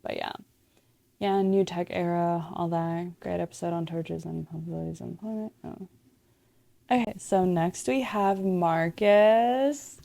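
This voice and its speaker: A young woman talks in an unhurried, rambling way, peppering every sentence with filler words and casual swearing. Her voice sits a little low, with a gravelly fry on the ends of phrases. The sound is dry and close, with no room around it. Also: warm tone, no room sound. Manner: rambling, profane, heavy use of "like". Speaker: podcast host. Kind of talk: casual chat.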